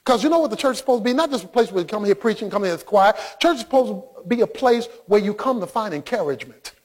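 A male preacher delivering an impassioned sermon that often rises to shouting. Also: sits high, animated, fast, husky.

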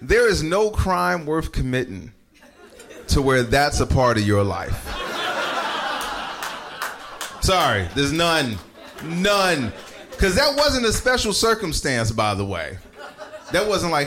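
Animated stand-up comic man. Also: a little high, measured pace. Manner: storytelling with punchy repetition, laughing along. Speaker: stand-up comedian. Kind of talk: stand-up routine. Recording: noisy live club recording.

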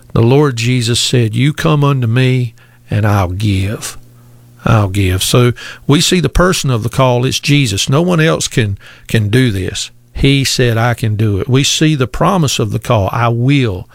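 Slow, gravelly-voiced male preacher. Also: mid-range voice, no echo. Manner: slow, deliberate preaching with repeated phrases. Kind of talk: sermon.

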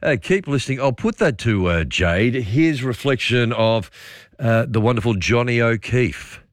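A man's voice: medium pitch, lively intonation, a little slow, no echo, clean studio sound. A man with an Australian accent hosting a talkback radio show, jovial and chatty, laughing often and repeating himself as he takes calls. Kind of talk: casual talkback radio chat.

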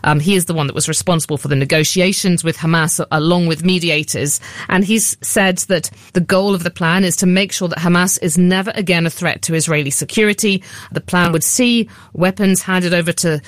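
A woman reporting as a Middle East news correspondent, speaking in a measured, analytical way with occasional fillers. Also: fairly low pitch, steady tone, no echo, studio quality.

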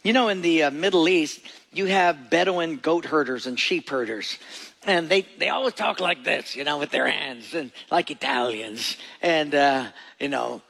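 A man's voice: fairly high pitch, moderate pace, vocal fry, fairly bright tone. A male pastor giving a sermon with folksy jokes and emphatic, storytelling delivery.

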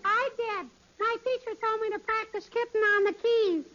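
A man's voice: extremely high pitch, fairly even intonation, normal speed, loud music behind the voice. A performer voicing an impish little boy in an old radio comedy. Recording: dull old radio recording.

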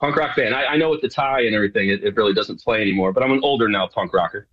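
A man's voice: on the low side, very fast, husky, dull audio. A middle-aged man from New York, a guest in a casual interview, talking in a rambling way full of fillers and restarts. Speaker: guest, TV show presenter.

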